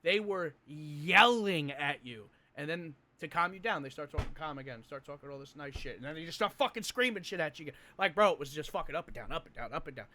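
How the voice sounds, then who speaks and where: A young man co-hosts a casual podcast with a high, bright and forceful voice. He tells stories in an animated, heavily profane way. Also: quick pace, few pauses, slight background noise. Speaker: podcast co-host.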